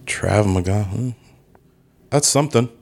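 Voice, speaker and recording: A man's voice: lowish voice, unhurried, vocal fry, a little mellow. A man, a stand-up comedian, chatting as a guest on a comedy podcast in a dry, laid-back way.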